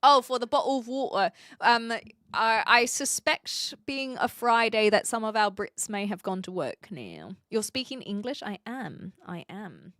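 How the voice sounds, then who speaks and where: Woman, New Zealand accent, young adult, streamer, high voice, bright tone, dry sound. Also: measured pace, no echo. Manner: chatty, animated, laughs often. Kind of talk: casual chat reading viewer messages.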